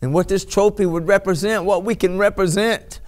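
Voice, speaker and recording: A man preaching a sermon, speaking slowly with many restarts and breaking into ecstatic shouts of praise. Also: high-pitched, steady tone. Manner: bursts into ecstatic shouts and hallelujahs; slow, halting delivery with many restarts.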